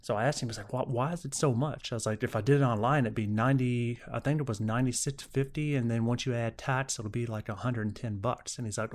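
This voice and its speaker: Young male podcast host, mid-pitch voice, casual rambling monologue, swears freely. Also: fast talker, few pauses. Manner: profane, animated retelling with acted-out quotes.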